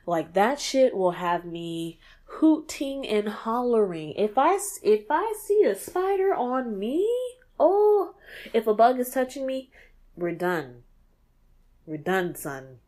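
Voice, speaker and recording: A young woman from New York hosting her podcast in a casual monologue, animated and profane, laughing often. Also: on the high side, takes it slowly. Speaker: podcast host.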